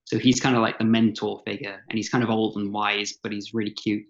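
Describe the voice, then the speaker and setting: A man's voice: lowish voice, level tone, brisk, highs cut off. A man talking hesitantly as a guest on a casual podcast chat, often stammering and laughing shyly. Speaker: podcast guest, dungeon master.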